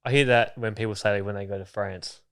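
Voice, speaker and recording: Man, smooth resonant voice, dry close mic, curious questions. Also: lowish voice, fairly even intonation, a little fast, fairly bright tone, no echo. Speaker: podcast co-host. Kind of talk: casual chat.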